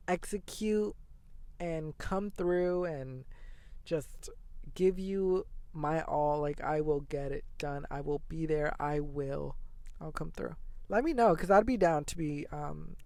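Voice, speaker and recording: Gravelly young man, rambling storyteller. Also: fairly high pitch, slow, no room sound. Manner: rambling, animated storytelling with fillers and swearing. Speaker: podcast host. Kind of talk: casual solo monologue.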